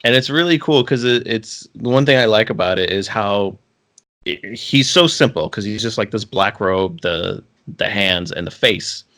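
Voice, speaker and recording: Low-voiced man rambling in casual chat. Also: expressive, normal speed, bright, forceful tone. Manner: rambling, many restarts and "like" fillers. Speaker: podcast co-host.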